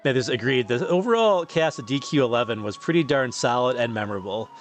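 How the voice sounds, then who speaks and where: A man hosting a live game stream, casually chatting and reading viewer comments aloud, laughing often and stumbling over his words, his voice getting a bit hoarse. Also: medium pitch, expressive, fairly quick, soft background music. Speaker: streamer host reading chat.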